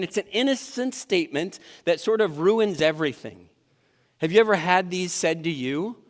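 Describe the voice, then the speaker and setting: A man preaching a sermon in a conversational way, often acting out people's inner thoughts. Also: fairly high pitch. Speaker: pastor. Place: church sanctuary. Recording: long hall reverb.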